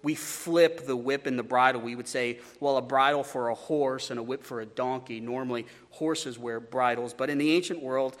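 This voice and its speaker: A man's voice: medium pitch, steady tone, moderate pace, few pauses, in a large hall. A man preaching a sermon as a pastor, conversational, with stumbling repeats and joking asides.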